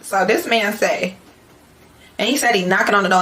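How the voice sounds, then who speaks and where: A young woman vlogger telling a story in a casual, animated way, full of slang and swearing. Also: fairly low pitch, moderate pace. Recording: echoey room.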